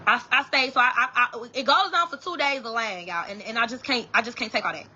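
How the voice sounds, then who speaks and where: A woman's voice: a little high, fast, sharp tone, muffled recording, slight background noise. A young woman telling her viewers a personal story in a casual, profane, blunt way, often restarting her sentences. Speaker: storytime vlogger.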